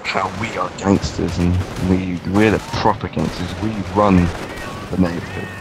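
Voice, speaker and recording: A man's voice: low voice, steady tone, moderate pace, gravelly, over music, rough recording. A man rambling through a comedic in-character monologue, hesitant and full of ums and restarts. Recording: voice over loud video game gunfire. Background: game battle sounds with gunfire.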